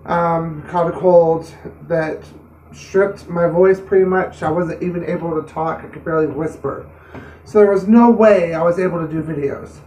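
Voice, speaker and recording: A woman's voice: on the low side, normal speed, warm tone. A woman vlogger telling a personal story to camera in an earnest, plain-spoken way. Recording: roomy, distant mic.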